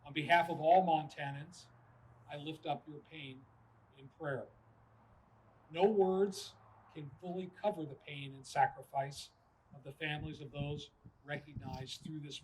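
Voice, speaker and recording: A man's voice: on the high side, background noise. Solemn man giving formal remarks. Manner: solemn, measured. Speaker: official giving dedication remarks. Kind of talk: formal prepared speech.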